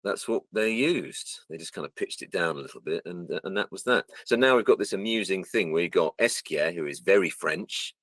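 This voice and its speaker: A man with a deep, low voice tells stories from his work as a voice actor, and his pitch rises and falls with animation. He slips into the lines he once played. The sound is close and dry, with no room around it. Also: fairly quick, few pauses, no room sound. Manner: animated storyteller, acts out lines. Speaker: voice actor guest. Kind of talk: casual interview chat.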